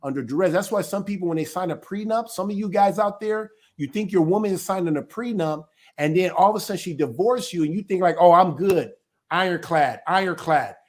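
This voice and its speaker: High-voiced man teaching emphatically. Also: fast, a little mellow. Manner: emphatic, poses rhetorical questions then answers them. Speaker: ministry elder. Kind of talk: informal teaching to viewers.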